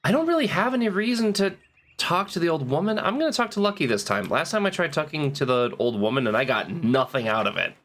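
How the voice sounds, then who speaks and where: A man's voice: fairly high pitch, very animated, fast, a bit bright. A man streaming a game, thinking aloud, reading bits of game text and laughing easily as he chats. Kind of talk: casual gameplay chat.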